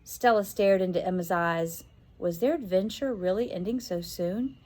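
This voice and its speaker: A woman who teaches, reading a children's adventure story aloud in an expressive way and raising her voice for the children's shouted lines. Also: fairly low pitch, normal speed.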